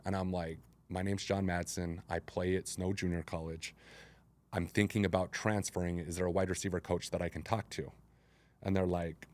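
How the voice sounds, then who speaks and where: Deep-voiced man telling his story. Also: normal speed. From Utah, United States. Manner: animated, acts out quoted dialogue. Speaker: interview guest, former football player. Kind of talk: casual storytelling.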